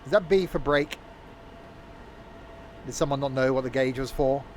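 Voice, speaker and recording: A man's voice: mid-range voice, moderate pace, slight background noise. A man giving live gameplay commentary as a streamer, rambling and joking to himself as he plays. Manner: rambling, jokey talking to himself. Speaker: game streamer.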